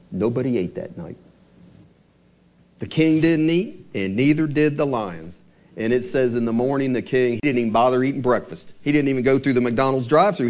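A male pastor giving a sermon, asking the congregation rhetorical questions and slowing down for emphasis. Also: fairly high pitch, a little mellow.

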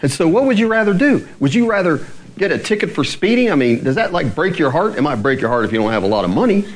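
Animated man preaching, full of rhetorical questions. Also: on the high side, fast talker, rough recording. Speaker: pastor. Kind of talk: sermon.

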